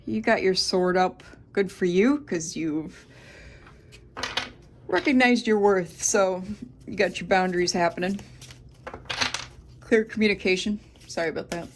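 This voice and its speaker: A woman's voice: mid-range voice, a little slow, long pauses, a little hiss or hum. A woman in her thirties giving a casual, rambling tarot reading to camera, thinking aloud with many fillers. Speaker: tarot reader.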